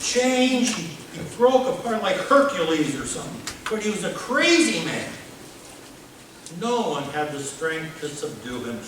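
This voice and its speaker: A male pastor preaching with a high, lively voice that swings up and down. He talks slowly and playfully, dropping in sound effects and questions for the congregation. He is heard from a distance in a very echoey church, with noise underneath. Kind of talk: sermon. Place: church sanctuary.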